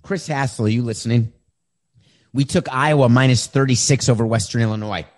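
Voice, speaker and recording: A man hosting a talk show monologue, wry and emphatic, moving between quick asides and slow, deliberate points. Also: medium pitch, darkish tone. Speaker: show host. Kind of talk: monologue commentary. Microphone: camera setup.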